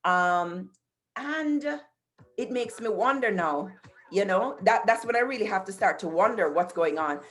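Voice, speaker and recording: Unhurried and expressive, a middle-aged woman with a mid-range, fairly bright voice hosts a casual talk show over a video call, speaking into a computer mic. Her monologue is full of emphatic storytelling aimed straight at her audience.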